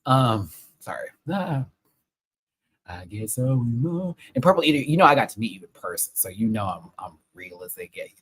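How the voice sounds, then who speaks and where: Young guy ranting on a live review stream, swears a lot, gets excited. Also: medium pitch, normal speed, breathy edge, poor audio. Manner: chatty, swears often, excitable.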